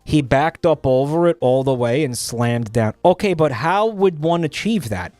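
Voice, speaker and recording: A man's voice: a little high, expressive, moderate pace, a little mellow, no room sound, faint music behind. A young man streaming, chatting casually while reading posts, profane and rambling with many restarts.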